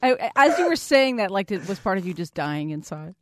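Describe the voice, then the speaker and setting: A woman's voice: medium pitch, sing-song, brisk, fairly bright tone, no room sound, clean studio sound. A woman interviewing a guest, asking curious and engaged questions.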